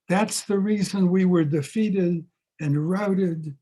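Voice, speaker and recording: A man's voice: sits high, measured pace, warm tone, breathy edge. An older man, a rabbi, teaching a scripture class in a dramatic way, repeating key words for emphasis. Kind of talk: slow, emphatic scripture lesson.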